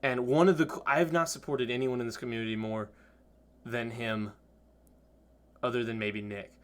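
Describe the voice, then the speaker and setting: A young man hosting a podcast, telling stories in an animated, casual way and laughing often. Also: medium pitch, normal speed. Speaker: podcast host. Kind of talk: casual chat.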